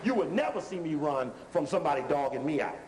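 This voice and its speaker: A man with a high, lively voice lectures while stopping and starting a video, speaking in loose street-talk grammar. His voice rings out through a long hall reverb, with a faint hiss underneath. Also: fast talker. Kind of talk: lecture, talking over video playback.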